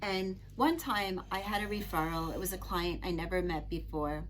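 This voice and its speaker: A middle-aged woman and Reiki master telling personal stories to camera in an earnest, gentle, chatty way. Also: on the low side, moderate pace, slight background noise. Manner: earnest, gentle, chatty with frequent "you know". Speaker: Reiki master and spiritual teacher.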